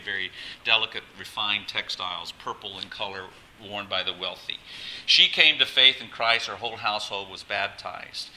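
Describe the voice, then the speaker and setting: Bright-voiced male pastor preaching emphatically. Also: fairly low pitch, slight background noise, rough recording. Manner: emphatic and exhorting, with frequent restarts. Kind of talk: sermon.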